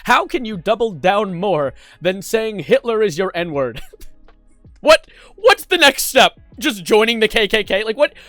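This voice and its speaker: A man's voice: high voice, very animated, a little slow, a bit bright, no room sound, soft background music. A man commenting on internet drama in a sarcastic, incredulous way, often breaking into laughter. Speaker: YouTube commentator.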